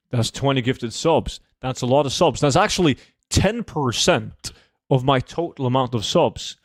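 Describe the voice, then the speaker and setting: A man's voice: medium pitch, animated, moderate pace, no echo, studio quality. A young man streaming a game, chatting casually with viewers and reading their chat messages in a loose, profane, rambling way.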